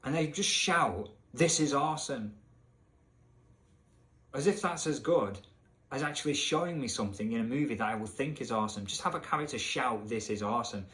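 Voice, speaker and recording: A man rants sarcastically about a video game in comedic commentary. His voice sits in a middling register but leaps high whenever he gets exasperated. The delivery is swearing, incredulous and full of mock outrage. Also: animated, fairly quick, fairly bright tone. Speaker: video essay host.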